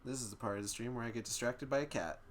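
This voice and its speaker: A man streaming a game, chatting casually and excitably, now and then slipping into silly voices. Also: medium pitch, racing, slight background noise. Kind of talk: casual gameplay chat.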